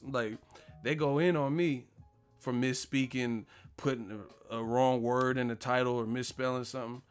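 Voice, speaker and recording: Profane, animated boxing live-stream host. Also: male voice, mid-range voice, normal speed, smooth, faint music behind. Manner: animated, profane, storytelling, slangy.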